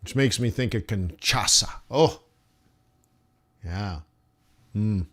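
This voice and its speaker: A man's voice: fairly low pitch, fairly bright tone. A man live-streaming forex trades, thinking aloud over his charts and talking to viewers as "guys". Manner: slow, musing, talks to chat as "guys". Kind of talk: live trading stream commentary.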